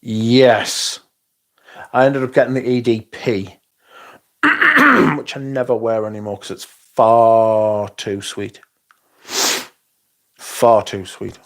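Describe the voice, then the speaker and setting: A man's voice: medium pitch, expressive, slow pace, long pauses, a bit bright. A sleepy man hosting a casual livestream, reading viewer comments aloud and answering them. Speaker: livestream host.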